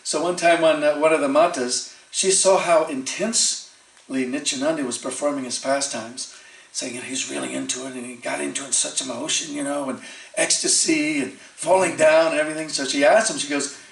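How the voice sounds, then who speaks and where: A man's voice: fairly high pitch, fairly quick, vocal fry. Man telling temple stories in echoey hall. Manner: animated storyteller acting out quoted voices, frequent fillers. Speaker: temple speaker. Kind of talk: storytelling sermon. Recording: echoey hall, distant mic.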